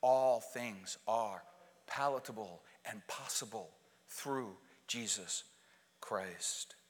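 A male pastor delivers a sermon to his congregation at an unhurried, deliberate pace. He leans on emphatic, repeated phrases. His voice carries a long reverb tail from the church sanctuary around him. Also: fairly low pitch.

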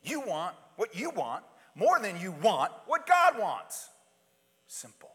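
A man preaching a sermon, swinging from loud, urgent passages to hushed, intimate asides, and acting out quoted prayers and pleas. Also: sits high, wildly swooping pitch, takes it slowly. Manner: acts out quoted prayers and pleas in different voices. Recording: long hall reverb.

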